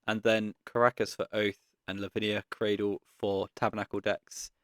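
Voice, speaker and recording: A man giving casual gameplay commentary, thinking aloud in a relaxed way with frequent pauses and ums. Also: on the low side, no room sound, clean studio sound. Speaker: card game content creator.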